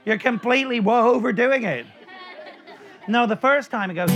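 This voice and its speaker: A man's voice: sits high, animated, normal speed, a loud crowd. A man leading a live audience through a song on a clip-on mic, playful and jokey as he coaches them to join in. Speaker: children's author performing a song. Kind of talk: live sing-along with an audience. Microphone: clip-on lapel mic. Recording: live performance with loud guitar backing.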